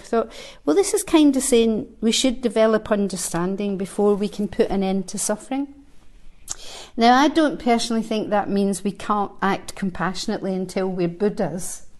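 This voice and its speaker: Woman in her 60s giving a warm-humored dharma talk. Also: mid-range voice. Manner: conversational and humorous, thinking aloud between quoted verses. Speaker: Buddhist teacher. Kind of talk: dharma talk to a live group. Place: Buddhist centre talk room.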